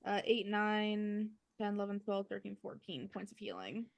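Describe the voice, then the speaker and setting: A woman playing a tabletop game, unhurried and hesitant with fillers. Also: medium pitch, animated, gravelly. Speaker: player. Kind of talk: casual chat at a tabletop game.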